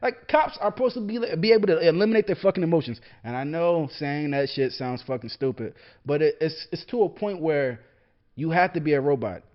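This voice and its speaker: Heated, profane young man, high lively voice. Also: fairly quick. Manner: heated, profane, repeats words when worked up. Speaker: podcast host, military veteran. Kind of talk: casual solo monologue. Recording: dull lo-fi sound.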